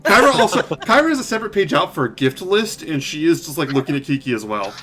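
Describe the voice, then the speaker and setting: A man narrating as game master of a tabletop game, halting with many fillers and restarts, with music faintly behind. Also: fairly high pitch, big pitch swings, pushed and bright.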